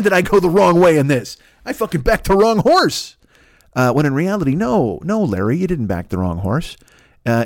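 A man delivering a rambling, profane comedic monologue, slipping into quick voices for the people in his story. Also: medium pitch, darkish tone, no echo, clean studio sound. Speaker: podcast host.

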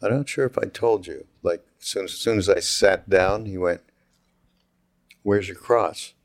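An older man from Canada with a deep, low voice tells stories in a relaxed conversation. He acts out the quotes in his anecdotes and often breaks into laughter. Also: normal speed. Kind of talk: casual storytelling conversation.

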